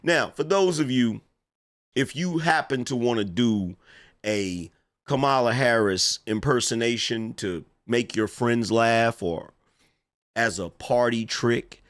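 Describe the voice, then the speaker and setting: A man's voice: mid-range voice, takes it slowly, a bit bright. A man giving mocking, sarcastic online political commentary that rambles and stammers through restarts.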